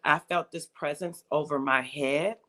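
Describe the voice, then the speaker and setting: A woman's voice: deep voice, fairly even intonation, a little slow, fairly bright tone. A woman telling her personal faith testimony in a casual conversation, emotional and storytelling, acting out quoted voices. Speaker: guest.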